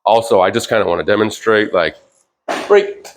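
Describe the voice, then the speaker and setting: A very low-voiced man talks through dog training in a loose, casual way, full of "you know" and "like". His commands to the dog come out short, a bit louder and sharper than the rest of his speech. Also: moderate pace. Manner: relaxed, rambling with fillers, sharp higher commands to the dog. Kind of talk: casual instructional talk. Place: indoors with a dog.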